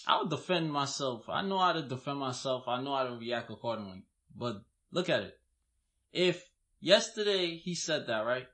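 A man's voice: medium pitch, animated, normal speed, fairly bright tone. A man from Guyana telling a story in casual, slang-heavy chat with friends.

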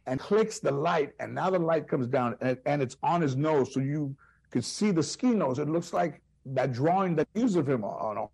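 A man with a Chicano English accent, a comedian guest telling animated anecdotes full of quoted voices and restarts. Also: on the high side, moderate pace, vocal fry, slightly rough. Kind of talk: storytelling interview.

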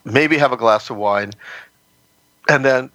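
A man's voice: medium pitch, unhurried, bright, forceful tone, no echo, low-quality recording. A man guesting on a podcast, chatting casually and rambling with plenty of "you know" fillers. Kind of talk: casual interview chat.

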